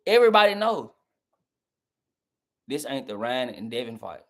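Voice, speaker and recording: With a mid-range voice at normal speed and large pitch swings, this young Southern American-accented man from the southern U.S. spars angrily with his live-stream chat. Argumentative and mocking, he speaks directly to them and derides their replies.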